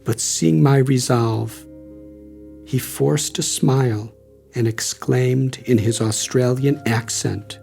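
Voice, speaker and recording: Older American male author-narrator, unhurried, dark and calm, faint music bed. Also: medium pitch, gravelly. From United States. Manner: calm, measured, reflective. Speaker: author narrating his memoir. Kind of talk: audiobook narration.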